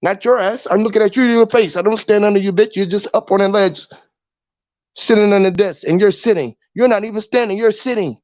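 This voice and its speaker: A man's voice: sits high, fairly quick, a little mellow, no echo. A man hosting a show, delivering a rambling monologue full of profane wordplay, spelling words out letter by letter. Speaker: podcast host. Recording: dull lo-fi, dry.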